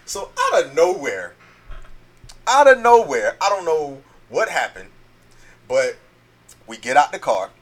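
A man in his thirties telling a story in casual chat, animated, acting out the voices and swearing freely. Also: mid-range voice, unhurried. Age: 30s.

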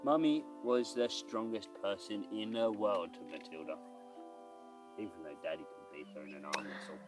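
A man's voice: low-pitched, fairly even intonation, moderate pace. A father, chatting casually and teasing playfully. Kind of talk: casual family chat. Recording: music bed under the voice.

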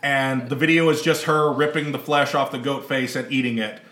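A man's voice: mid-range voice, steady tone, moderate pace, fairly bright tone, roomy sound. A man hosting a casual podcast chat, rambling, laughing often and swearing freely. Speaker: podcast host.

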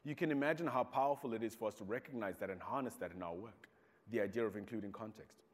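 A man's voice: fairly low pitch, fast. A Zimbabwean man giving a talk to an audience, telling stories and acting out the voices he quotes. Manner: storytelling, acts out quoted voices. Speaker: speaker. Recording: long hall reverb.

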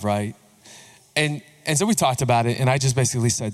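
A man in his thirties, a pastor delivering a sermon in a conversational, joking way with lively swings in pitch. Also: a little fast.

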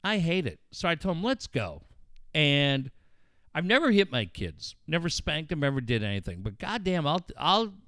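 A man's voice: a little high, very animated, normal speed, a bit bright, no echo, clean studio sound. Blunt, profane middle-aged man telling stories. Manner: profane, blunt, heated storytelling. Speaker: podcast host. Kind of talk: casual storytelling chat.

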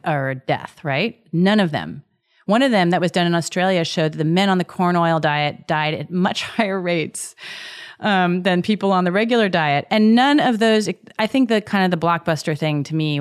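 A middle-aged woman, an author and interview guest, explaining at length in an animated way, often restarting her sentences. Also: low-pitched, smooth. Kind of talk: conversational interview.

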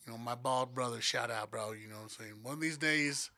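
A man's voice: medium pitch, brisk, vocal fry, bright, forceful tone. A man hosting a podcast, telling a story in casual chat, cursing freely and acting out quotes with animation. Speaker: podcast host.

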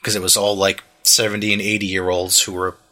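Bright-voiced man in his thirties rambling. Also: sits low, flat delivery, a little fast. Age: 30s. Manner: rambling storyteller, many fillers and restarts, acts out quotes. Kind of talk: casual chat.

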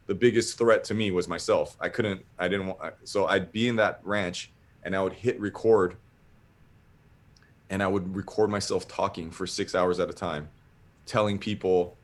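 A man's voice: low voice, steady tone, normal speed. A man telling a long casual story, rambling with lots of filler words.

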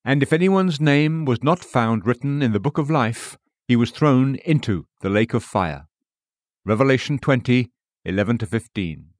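A man reading a Christian devotional book aloud in a measured, solemn voice, slowing down for scripture quotations. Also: medium pitch, no echo, studio quality.

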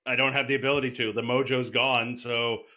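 A man guesting on a podcast, telling bawdy stories in a casual, animated way and shouting the punchlines. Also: mid-range voice, brisk, dull audio. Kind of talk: casual crude podcast chat.

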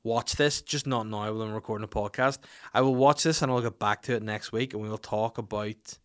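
A man's voice: fairly low pitch, fairly even intonation, a little fast. A man, hosting a podcast in casual chat, reading out listener questions with blunt, jokey swearing. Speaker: podcast host.

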